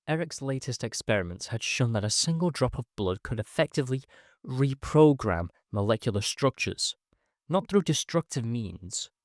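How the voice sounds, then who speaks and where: A man reading a first-person science fiction story in a measured, dramatic storytelling manner. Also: mid-range voice, no room sound, clean studio sound. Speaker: narrator. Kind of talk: scripted first-person sci-fi narration.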